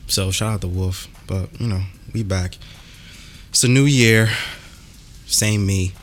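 A man's voice: sits low, slow, slight background noise. A man hosting a podcast in casual chat, ranting animatedly and cursing a lot. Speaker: podcast host.

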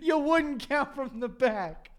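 A man's voice: very high-pitched, animated, slow pace. A young man co-hosting a podcast in casual chat, teasing his friend with incredulous questions and laughing often. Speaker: podcast co-host.

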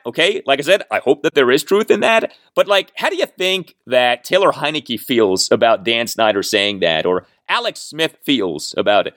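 A man's voice: medium pitch, animated, normal speed, few pauses, a bit bright, no echo, studio quality. A man hosting a sports podcast, giving wry, sarcastic commentary and reading ads. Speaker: podcast host.

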